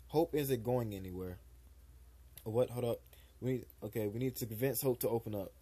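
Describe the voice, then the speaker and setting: Young male streamer, mellow tone, casual read-aloud of game dialogue with occasional stumbles. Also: medium pitch.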